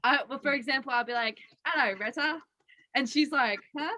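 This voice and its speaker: A young Australian woman, a college basketball player, telling lively stories on a video call interview. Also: sits high, fast talker, poor audio. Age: young adult. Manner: lively storyteller. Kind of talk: casual interview chat.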